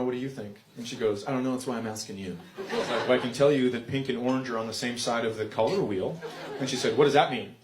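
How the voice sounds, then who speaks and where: A man's voice: medium pitch, echoey room. A man in his forties doing a stand-up routine, telling wry stories about his daughter and acting out her lines. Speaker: stand-up comedian. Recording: noisy live club recording.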